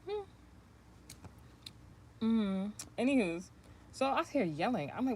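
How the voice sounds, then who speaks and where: A woman's voice: a little high, sing-song, measured pace, long pauses, a little mellow, slight background noise. A woman hosting a spiritual channel, telling a long story in a casual livestream, rambling and swearing and laughing as she goes. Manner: rambling, profane, laughs often.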